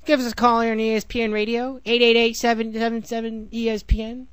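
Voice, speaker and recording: A man's voice: very high voice, monotone, fast, fairly bright tone, clear, resonant tone, dry recording, voice pushed up. A man doing a mocking impression of a female sports radio host reading an upbeat call-in promo. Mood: perky.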